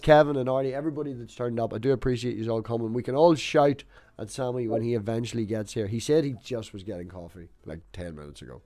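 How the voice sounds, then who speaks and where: A man's voice: medium pitch, darkish tone. A young man hosting a casual live stream on an online call, joking, rambling and swearing as he talks. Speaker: livestream host.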